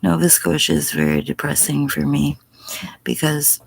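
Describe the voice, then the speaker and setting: Gravelly, husky middle-aged woman. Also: low-pitched, very animated, normal speed. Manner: blunt, profane, slips into whispers. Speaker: livestreamer answering chat. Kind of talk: casual livestream chat.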